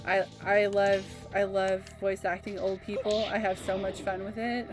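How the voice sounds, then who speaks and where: Woman in her thirties, streamer, chatty and reminiscent, mid-range voice, game music clearly underneath. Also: mid-range voice, flat delivery, moderate pace, hardly any pauses. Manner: chatty and reminiscing, laughs easily. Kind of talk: casual gaming stream chat.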